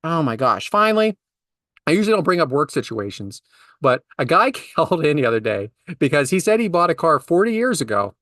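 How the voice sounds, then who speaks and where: A man's voice: a little high, sing-song, brisk, fairly bright tone, dry recording, clean studio sound. A man in his forties, a podcast co-host, telling comedic anecdotes about everyday annoyances in an exasperated, ranting way. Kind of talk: casual comedic storytelling.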